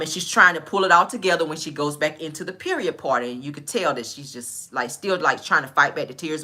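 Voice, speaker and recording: Low-voiced chatty woman recapping a show. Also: pushed and bright. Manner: chatty storyteller, acts out quotes, says "all right?" often. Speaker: reality TV recap host. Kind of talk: casual episode recap.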